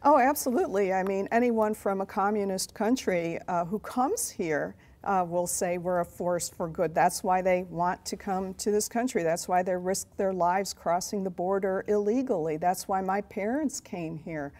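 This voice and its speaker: Woman guest in an interview, earnest, explaining, mid pitch. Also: normal speed, hardly any pauses, a little mellow. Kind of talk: interview answers.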